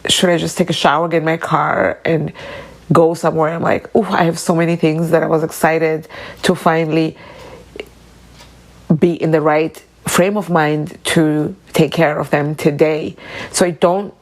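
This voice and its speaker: South African woman, podcast host, low gravelly voice, halting and emotional solo talk. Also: little pitch movement, poor audio.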